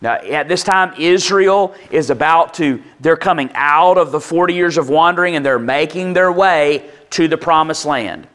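A man's voice: a little high, normal speed, hardly any pauses, a bit bright. A man preaching a conversational sermon to his congregation, with asides and restarts, acting out quoted lines in a livelier voice. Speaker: pastor.

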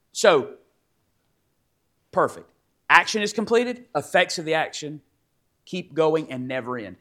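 Bright-voiced pastor preaching. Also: male voice, a little high. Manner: animated teaching with sudden loud emphatic rises; many repeated restarts and fillers. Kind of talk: sermon. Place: church sanctuary.

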